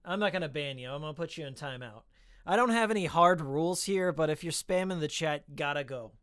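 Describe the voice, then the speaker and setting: A man with a fairly high voice chats casually on a live stream, rambling from one thought to the next. He stumbles, restarts and repeats words, and he often pauses to answer viewers in the chat. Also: fairly bright tone, clear, resonant tone.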